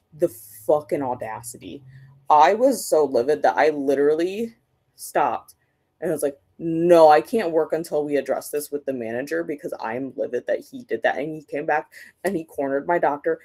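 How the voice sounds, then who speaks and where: A woman's voice: lowish voice, darkish tone. A young woman hosting a reading stream, chatting casually and ranting with lots of swearing. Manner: ranting, profane, exasperated. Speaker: booktube livestream host. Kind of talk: casual chat during a reading sprint stream.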